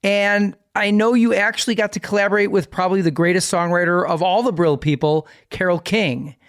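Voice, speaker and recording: A podcast host leads into an interview question with a prepared setup, speaking at a middle pitch. The sound is close and dry. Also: steady tone, brisk, smooth, dry recording.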